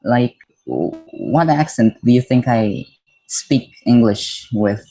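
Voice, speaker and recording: A man's voice: mid-range voice, very animated, takes it slowly, dark tone, faint music behind, low-quality recording. A man from Mexico streaming live, reading dictionary definitions aloud and breaking off to chat casually with his viewers.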